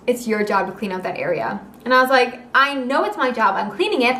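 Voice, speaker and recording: A young woman telling a personal story in a casual vlog, animated and acting out the quoted lines of the people in it. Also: fairly high pitch, slight background noise. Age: young adult. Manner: animated, acts out quoted dialogue. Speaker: vlogger. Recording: echoey room.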